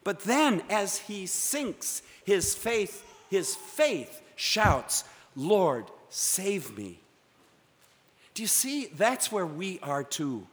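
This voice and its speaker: A man preaching a sermon from the pulpit, measured and dramatic, with pauses for effect. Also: sits high, very animated, a bit bright. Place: church sanctuary. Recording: long church reverb.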